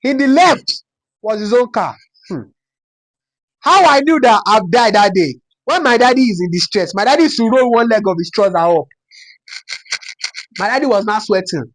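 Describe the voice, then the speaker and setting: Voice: mid-range voice, expressive, normal speed, pauses often. A young adult from Nigeria with a Yoruba-inflected Nigerian accent, telling a personal story in a casual, dramatic way and repeating phrases for effect. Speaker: storytime vlogger.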